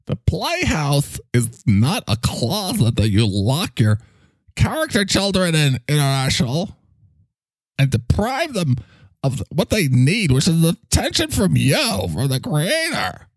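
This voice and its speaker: Mike the Mike, a man voicing a husky whining microphone. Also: a little high, huge pitch swings, measured pace, no echo, pitched above the performer's own voice, full character voice. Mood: lecturing. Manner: melodramatic, self-pitying, lecturing. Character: whiny talking microphone, male co-host, dramatic.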